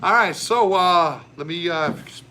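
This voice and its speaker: A man's voice: high voice, a little slow, sharp tone, slight background noise. A man hosting a live music stream, chatting effusively between songs and reading viewer comments aloud.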